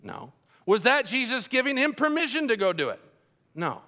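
A man preaching a sermon in an animated, storytelling way, with folksy asides. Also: extremely high pitch, moderate pace.

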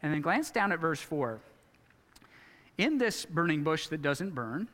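Pastor, male, slightly high voice, conversational sermon full of rhetorical questions, church hall reverb. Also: big pitch swings, unhurried, pauses often, fairly bright tone. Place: church sanctuary.

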